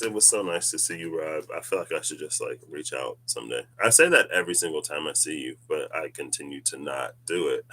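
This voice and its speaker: A man's voice: very deep voice, animated, quick pace, hardly any pauses, bright, forceful tone. A man giving a casual tarot reading vlog, musing and rambling through spiritual ideas with frequent laughs. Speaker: tarot reader.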